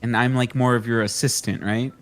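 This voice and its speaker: A man playing in a tabletop game, speaking in a hesitant, halting way. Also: mid-range voice, fairly even intonation, a bit bright, faint music behind. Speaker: player. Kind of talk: casual tabletop play.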